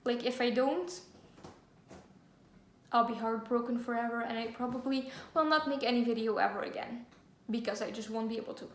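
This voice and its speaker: A woman's voice: fairly high pitch, steady tone, a little fast, slight background noise. A young woman vlogging a book haul, gushing and giggly with lots of fillers, and reading back-cover blurbs aloud. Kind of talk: casual book haul chat with read-aloud synopses. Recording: echoey room, faint ambience.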